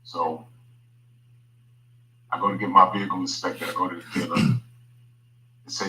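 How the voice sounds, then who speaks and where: Low, forceful man telling a story. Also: normal speed, pauses often, slight background noise. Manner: animated, conversational, with many asides to listeners. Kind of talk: casual storytelling. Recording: echoey room, played from a video.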